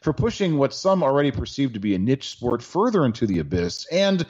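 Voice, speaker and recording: A man's voice: medium pitch, very animated, brisk, darkish tone, breathy edge, dull audio. A male podcast co-host giving a sarcastic, mock-formal award speech in casual sports banter.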